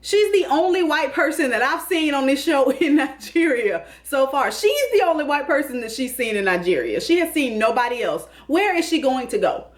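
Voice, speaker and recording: A woman's voice: high-pitched, big pitch swings, moderate pace, hardly any pauses. A woman hosting a casual comedic TV recap, sassy, calling people honey and baby and laughing often. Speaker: YouTube TV recap host.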